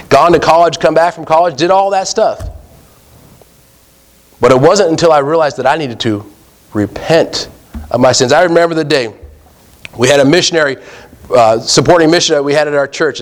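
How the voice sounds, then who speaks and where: Man preaching a casual, emphatic sermon. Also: on the high side. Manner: conversational preaching with rising emphatic questions; addresses listeners as guys, reads scripture aloud.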